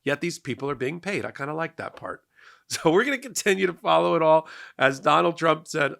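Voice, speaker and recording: A man's voice: on the high side, sing-song, fairly quick, creaky, sharp tone. A man hosting a legal and political commentary show, talking in a sarcastic monologue and often repeating words as he starts sentences.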